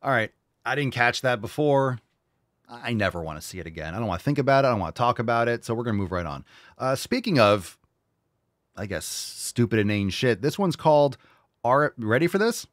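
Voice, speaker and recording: A man's voice: medium pitch, lively intonation, brisk, dry recording. Sarcastic guy reacting to clips, cusses a lot, dry close sound. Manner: profane, blunt, sarcastic. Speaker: show host. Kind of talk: casual reaction commentary.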